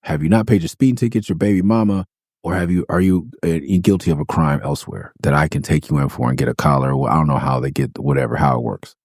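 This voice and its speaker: A man's voice: rumbling low, fast talker, a little mellow, dry recording, clean studio sound. A middle-aged man hosting a podcast, telling stories in a loose, profane, casual way and acting out quotes. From Los Angeles. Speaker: podcast host. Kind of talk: casual storytelling monologue.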